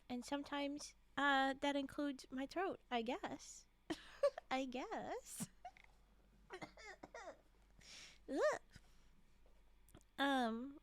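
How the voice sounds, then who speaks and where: On a live stream, a woman reads holiday stories, her high, fairly bright voice a little hoarse from a frog in her throat. She keeps pausing to chat and giggle with her viewers.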